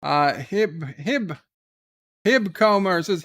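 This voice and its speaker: Laid-back male stream host, slow delivery, smooth clear voice, reads chat with many "uh"s. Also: a little high, animated, fairly bright tone. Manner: laid-back, halting, frequent "uh" before each comment. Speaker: livestream host. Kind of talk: reading live chat comments aloud.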